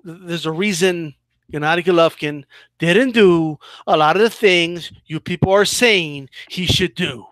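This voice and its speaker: A man hosting his own boxing channel, giving casual, animated commentary with a mocking edge and frequent restarts. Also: fairly high pitch, unhurried, no room sound.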